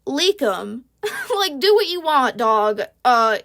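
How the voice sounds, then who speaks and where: High-voiced, slangy storytime girl. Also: big pitch swings, slow pace, fairly bright tone. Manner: slangy, swears a lot, sarcastic. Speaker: vlogger. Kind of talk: casual storytime. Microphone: home recording mic.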